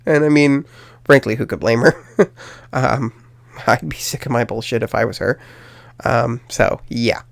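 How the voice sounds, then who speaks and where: Young guy podcaster, kinda gravelly, rambles a lot and roasts himself. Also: mid-range voice, measured pace, long pauses, no room sound, clean studio sound. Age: young adult. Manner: rambling, self-deprecating, many fillers. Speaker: podcast host. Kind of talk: casual storytelling monologue.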